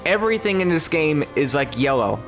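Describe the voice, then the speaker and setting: A young man streaming gameplay, commenting live with lots of swearing and sudden high-pitched outbursts of frustration. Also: big pitch swings, a little fast, fairly bright tone, faint music behind. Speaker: game streamer.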